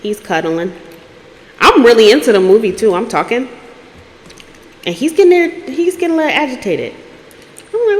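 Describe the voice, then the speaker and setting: A woman hosting a storytelling podcast who acts out the dialogue in her story and swings between loud bursts and hushed asides. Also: a little high, very animated, moderate pace, pauses often, in a large hall. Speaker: podcast host.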